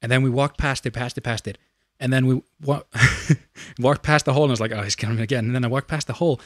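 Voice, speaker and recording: A young man in his twenties telling a funny story in casual chat, animated and laughing often. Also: fast, dry recording, clean studio sound. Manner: animated, laughing, shrieks in high voice when reenacting screams.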